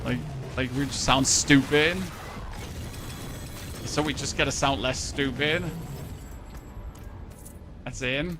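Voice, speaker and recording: A man's voice: mid-range voice, level tone, takes it slowly, pauses often, noisy background. A man with a German accent chatting casually to his live-stream audience while he plays, rambling, swearing and laughing at himself. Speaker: game streamer.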